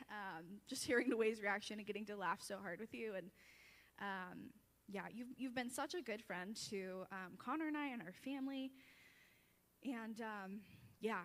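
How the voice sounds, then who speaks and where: A woman's voice: medium pitch, fairly bright tone, big-room sound. A young woman giving a chatty, self-deprecating farewell tribute at a church service, often breaking into laughter. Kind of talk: casual storytelling speech.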